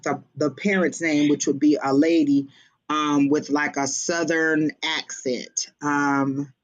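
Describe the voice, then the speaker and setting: A woman giving a psychic reading on a livestream, chatty and hesitant, with many pauses and ums. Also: low-pitched. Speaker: psychic reader. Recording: slightly dull lo-fi stream audio.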